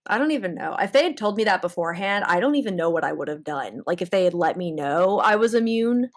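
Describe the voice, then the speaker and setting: A young woman, a guest contestant, telling her story in casual interview chat, animated, with many restarts and laughs. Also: lowish voice, fast talker.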